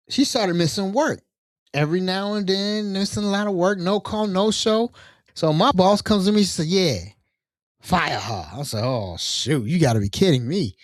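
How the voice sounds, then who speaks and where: Male host, animated storyteller, swings his pitch widely, dry booth sound. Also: no echo. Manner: animated, acts out quoted voices. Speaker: podcast host. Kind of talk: casual storytelling.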